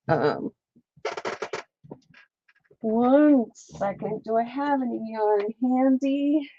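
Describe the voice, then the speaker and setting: A woman's voice: on the high side, animated, drawn-out words, long pauses, no room sound, highs cut off. A woman hosting a casual livestream stitching demo, thinking aloud and greeting viewers by name. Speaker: craft show host. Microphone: streaming setup mic.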